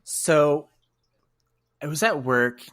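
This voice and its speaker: A man co-hosting a casual podcast, telling stories in an emotional, animated way. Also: on the high side, drawn-out words, no room sound, clean studio sound. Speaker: podcast co-host.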